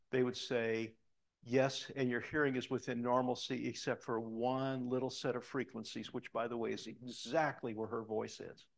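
A middle-aged man preaching a sermon, telling a story in an animated way and dropping to soft emphasis on key points. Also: mid-range voice, gravelly. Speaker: pastor.

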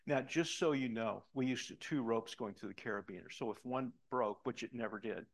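Gravelly middle-aged preacher telling a story. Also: male voice, medium pitch, a little fast. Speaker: pastor. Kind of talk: sermon with storytelling.

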